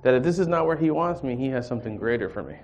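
A man's voice: medium pitch, racing. Man telling a testimony, dull recording. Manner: animated storyteller, acts out dialogue, chuckles. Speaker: church group speaker. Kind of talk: personal testimony and scripture reading.

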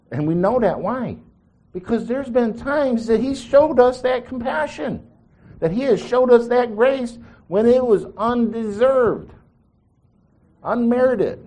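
A man's voice: high-pitched, darkish tone. A man preaching a sermon, telling a story with quoted voices and asking the congregation questions.

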